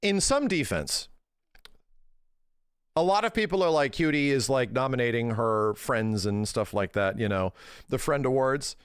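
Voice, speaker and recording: A man in his thirties does casual livestream commentary into a close mic, his voice medium-pitched, measured, and clean with no echo. He rants animatedly and swears a lot.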